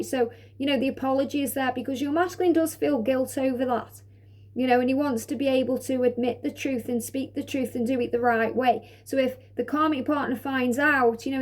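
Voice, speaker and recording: High-voiced woman explaining oracle cards. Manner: reads each card's message aloud, then explains it; repetitive, conversational, with frequent "you know". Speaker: tarot card reader. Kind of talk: oracle deck walk-through.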